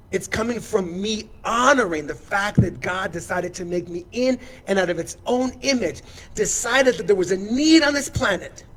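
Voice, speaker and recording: A high-voiced man gives a heartfelt inspirational talk at a spiritual service, earnest and conversational. A faint hiss of outdoor ambience sits behind his voice. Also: a bit bright. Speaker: spiritual center speaker.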